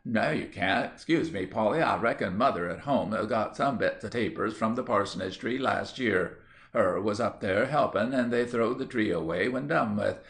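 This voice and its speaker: A man's voice: fairly low pitch, moderate pace, gravelly, a bit bright. A man voicing a good-natured young country lad who chats in broad rustic dialect. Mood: chatty.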